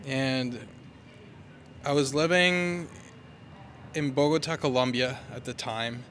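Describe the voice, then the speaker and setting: Slow, hesitant man telling a story. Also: medium pitch, steady tone, fairly bright tone, slight background noise. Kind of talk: live storytelling to an audience.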